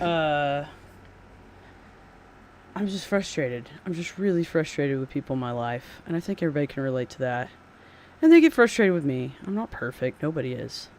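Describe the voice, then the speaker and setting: A man's voice: fairly high pitch, a little mellow, a little hiss or hum. A man talking casually to his live-stream audience, rambling and blunt, full of fillers and swearing. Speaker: game streamer.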